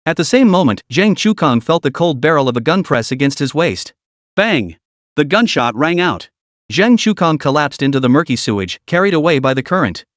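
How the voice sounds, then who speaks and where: Lively, dry-voiced male narrator. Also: a little high, normal speed, no room sound. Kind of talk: scripted audiobook narration.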